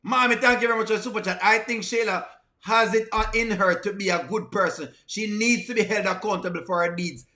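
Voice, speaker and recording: A Jamaican man gives casual reaction commentary on comedy skits for his livestream audience, his voice high, fairly quick, bright and sharp, echoing around the room. He pleads and repeats himself, shifting between patois and plainer speech.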